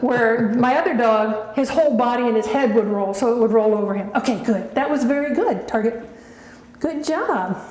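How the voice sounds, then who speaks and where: A woman's voice: fairly high pitch, fairly quick, hardly any pauses, darkish tone. A woman training her dog, chatting casually and giving patient, coaxing short commands. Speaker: dog trainer showing her dog's tricks. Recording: echoey room with faint background noise.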